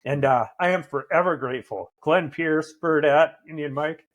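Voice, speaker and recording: A middle-aged man speaking in a fairly high register, swearing freely as he lectures with tough-love bluntness. His delivery is emphatic and preachy, like a recovering addict who has earned the right to call people out. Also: normal speed. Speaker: podcast guest, author in recovery. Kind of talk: blunt conversational storytelling.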